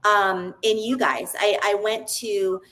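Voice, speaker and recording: A woman's voice: mid-range voice, fairly even intonation, takes it slowly, a bit bright, rough recording. A woman, a podcast guest, telling her personal story in an earnest, open way, often restarting her sentences.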